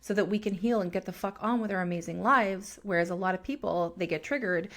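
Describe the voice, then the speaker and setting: A woman's voice: medium pitch, quick pace. A woman co-hosting a podcast, talking bluntly and swearing freely in a coaching tone, with laughs along the way. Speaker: podcast co-host. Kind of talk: casual podcast chat.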